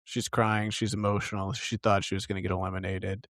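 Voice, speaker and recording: A man co-hosting a podcast, recapping a TV episode in casual, animated chat with plenty of fillers. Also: lowish voice, fairly quick, no echo. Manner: chatty, animated, lots of fillers. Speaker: podcast co-host.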